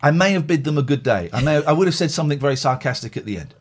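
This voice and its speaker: Guy on a chat show, husky, super animated, rambles and does voices. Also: a little high, rapid-fire. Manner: rambling, lively, mimics others. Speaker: podcast host.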